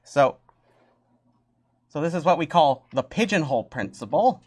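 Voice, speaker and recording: A woman teaching a math lesson in a loose, chatty way, with a somewhat low voice that swings up and down a lot as she talks. She laughs easily and gets carried away with excitement, and the talk stays informal throughout. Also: moderate pace, a little hiss or hum. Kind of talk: casual math lesson with props.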